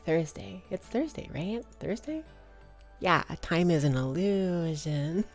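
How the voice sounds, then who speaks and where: A woman's voice: mid-range voice, very animated, slow pace, darkish tone, faint music behind. A young woman with a slight Valley Girl accent, chatting casually with her live stream viewers, bubbly and giggly as she greets them by name.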